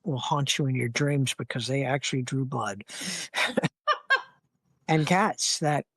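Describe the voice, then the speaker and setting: A man speaking as a therapist guest on an interview podcast, animated and acting out heated scenarios with blunt language. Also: mid-range voice, measured pace, no room sound. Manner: animated, acts out angry scenarios with profanity. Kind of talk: conversational interview.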